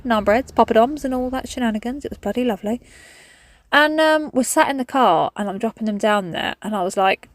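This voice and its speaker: A woman's voice: on the high side, no room sound, clean studio sound. A woman in her thirties with an English accent, chatting frankly and swearing casually as she talks through cleaning her cupboards. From England. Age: 30s. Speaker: cleaning vlogger. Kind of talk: chatty voice-over while cleaning.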